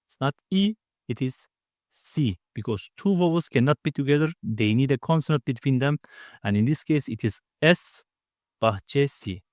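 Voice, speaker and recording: Man, language teacher, patient step-by-step explaining, slow repeated words, dry close sound. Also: mid-range voice, expressive, a little mellow, dry recording. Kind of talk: grammar lesson.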